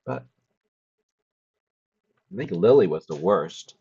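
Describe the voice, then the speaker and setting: A man's voice: low-pitched, lively intonation, takes it slowly, vocal fry, mellow, husky, lo-fi sound. A man live-streaming, giving wry, teasing commentary in a casual chat.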